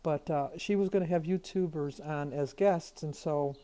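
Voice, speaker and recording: A woman's voice: sits low, moderate pace, mellow. An older woman vlogging casually, a rambling, chatty storyteller talking to her camera. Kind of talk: casual vlog chat.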